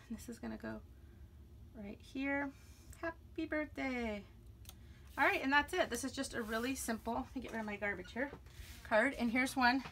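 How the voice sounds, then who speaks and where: A woman demonstrates card stamping in a casual tutorial, chatting and thinking aloud as she works. Her fairly high voice sounds pushed and bright, and there's slight background noise.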